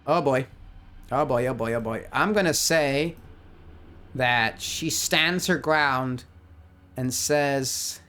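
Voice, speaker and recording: A man narrating his solo tabletop role-playing game and reading out rules, who gets excited by dice rolls. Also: mid-range voice, slow pace, long pauses. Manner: excitable, laughs at dice results.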